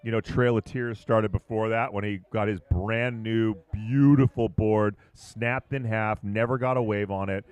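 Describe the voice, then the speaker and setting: A man commentating live at a surf contest, chatting casually and bursting into excited shouts on big waves. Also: fairly low pitch, a little slow, few pauses, smooth. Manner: calls big moves with sudden excited shouts.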